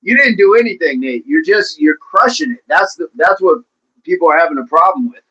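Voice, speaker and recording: A man's voice: sits high, expressive, fairly quick, sharp tone, husky, rough recording. A man hosting a casual livestream, talking to viewers by name and encouraging them. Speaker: livestream host reading chat.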